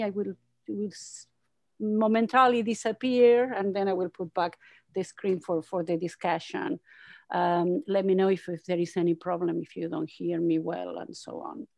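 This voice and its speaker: A woman psychoanalyst giving an academic lecture over a video call, reading from a script in an earnest, measured way and stressing key words. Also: medium pitch, darkish tone, no echo, clean studio sound.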